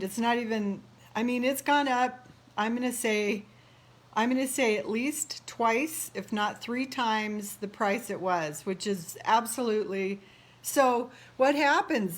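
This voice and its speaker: Tired, rambling woman vlogging her remodel. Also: fairly high pitch. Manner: rambling, laughs often, exasperated asides. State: tired and burnt out. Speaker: realtor remodeling her own house. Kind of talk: casual home-remodel vlog. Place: house under renovation, indoors. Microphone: phone camera held by speaker.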